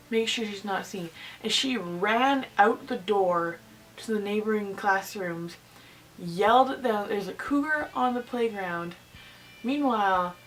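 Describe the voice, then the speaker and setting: A woman's voice: medium pitch, a bit bright, recorded from a distance, slight background noise, low-quality recording. A teenage girl vlogging, telling a childhood story in a rambling, giggly way with many fillers. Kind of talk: casual storytelling.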